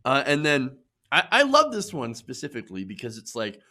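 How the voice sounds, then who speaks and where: A man from Michigan hosting casual political commentary, sarcastic and quick to laugh. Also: mid-range voice, huge pitch swings, sharp tone. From Michigan, USA.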